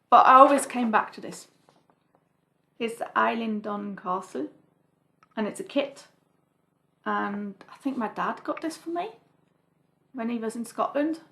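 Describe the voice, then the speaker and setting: A woman's voice: fairly high pitch, creaky, bright, forceful tone. A woman vlogger chatting casually to camera from home about her cross-stitch projects, rambling with many asides.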